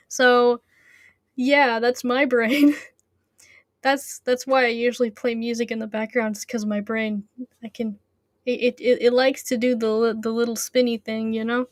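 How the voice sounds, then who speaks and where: A woman's voice: fairly high pitch, fairly even intonation, normal speed, no room sound, clean studio sound. A woman reading a fan novel aloud on a live stream, chatting and rambling with many restarts and frequent laughs. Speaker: audiobook reader and streamer.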